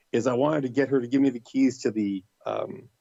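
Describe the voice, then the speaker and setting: A middle-aged podcast guest with a creaky, medium-pitched voice tells a story casually at normal speed. He is animated and acts out the others' lines in livelier voices. The audio has no echo and sounds lo-fi.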